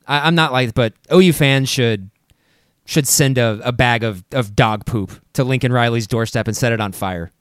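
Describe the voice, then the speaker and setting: A man with a smooth, resonant voice talks in earnest, starting his sentences over as he co-hosts a sports podcast. He is recorded close and dry. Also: mid-range voice, fairly bright tone, dry recording. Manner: earnest, halting restarts. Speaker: podcast co-host. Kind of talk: casual sports podcast chat.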